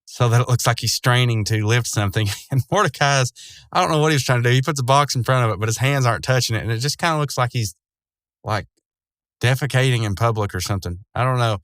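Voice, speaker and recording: A man loosely recapping a cartoon episode at a middle pitch, rambling along with plenty of fillers and soft chuckles. His voice sounds close and dry, with no room around it. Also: fast, dry recording. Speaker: show recapper.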